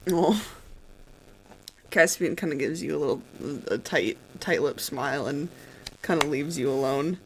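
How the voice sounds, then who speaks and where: Game master for a streamed tabletop game, mid-pitched, halting narration with fillers. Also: a little hiss or hum. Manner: loose, halting, with many fillers.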